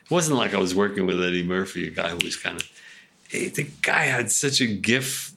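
An older male actor telling casual anecdotes in a rambling, animated way, full of restarts. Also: deep voice, brisk, gravelly, slight background noise. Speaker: actor guest.

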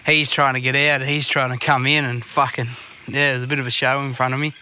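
A man's voice: medium pitch, level tone, fast talker, sharp tone, clean tone. A man telling sweary, rambling stories in casual chat. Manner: sweary storytelling.

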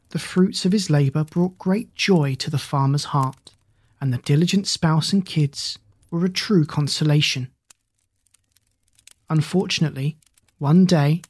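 A storyteller reading a folk tale in an even, measured way, now and then asking the listener questions, in a dry, close recording. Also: mid-range voice, breathy edge, dry recording. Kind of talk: scripted story narration.

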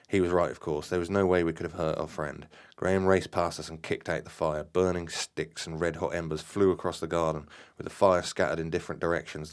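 Deep-voiced man reading his story. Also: smooth. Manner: measured, slightly halting reading. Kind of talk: reading a personal account aloud with asides.

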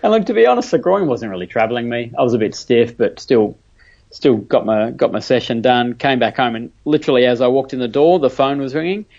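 An Australian man telling a story in casual chat, animated and laughing often, acting out the voices of people he quotes. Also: mid-range voice, brisk, dull audio.

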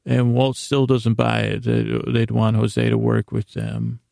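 Gravelly, slow-talking man. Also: medium pitch, little pitch movement, dark tone, no echo, studio quality. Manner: meandering, self-correcting, reads his notes aloud. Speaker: podcast host recapping a show. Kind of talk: rambling casual recap.

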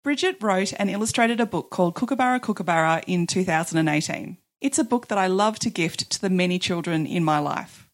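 A woman, the host of a podcast, reading scripted introductions in a clear, measured way. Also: lowish voice, lively intonation. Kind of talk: scripted narration.

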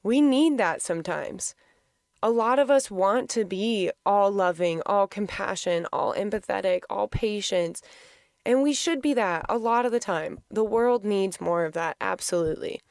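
A woman's voice: medium pitch, animated, measured pace, vocal fry, darkish tone, no echo, clean studio sound. A woman talking candidly about her emotions in a casual personal monologue, laughing often and filling with "like".

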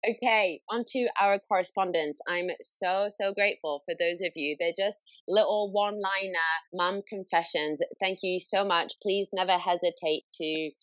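A woman's voice: lowish voice, normal speed, a bit bright, dry recording. Supportive woman podcast host. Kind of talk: casual podcast chat.

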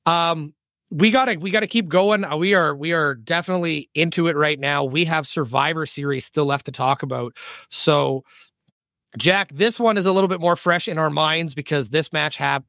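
Relaxed male podcast host, slightly high voice, dry close-mic sound, moves the chat along. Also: no echo. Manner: relaxed, steers the talk, fills pauses with "uh" and "um". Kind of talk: casual wrestling podcast chat.

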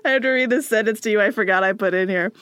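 A woman's voice: medium pitch, rapid-fire, a bit bright, smooth, dry recording. A woman co-hosting a casual history podcast, giggling and reading quotes aloud with playful emphasis. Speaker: podcast co-host.

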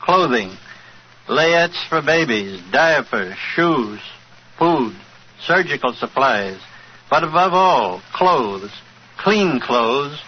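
A man making a grave, deliberate charity appeal on 1940s radio. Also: medium pitch, lively intonation. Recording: dull old radio broadcast with faint hiss.

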